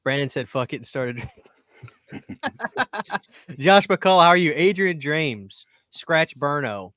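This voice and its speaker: A man's voice: fairly high pitch, lively intonation, slow pace, sharp tone, clean tone, no echo, clean studio sound. A man hosting a casual livestream, upbeat and reading out chat names. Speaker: livestream host.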